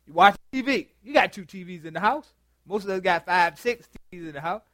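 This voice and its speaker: Man, pastor, high voice, dry close sound, chatty joking sermon, stammers. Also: expressive, a little fast, pushed and bright, no echo. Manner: chatty and joking, stammers and repeats words, quizzes the congregation. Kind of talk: conversational sermon with open dialogue. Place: church meeting room.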